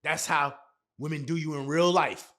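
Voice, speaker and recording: A man's voice: a little high, fairly even intonation, normal speed, fairly bright tone. A man giving blunt, emphatic dating advice straight to camera, repeating his points. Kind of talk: casual talk to camera.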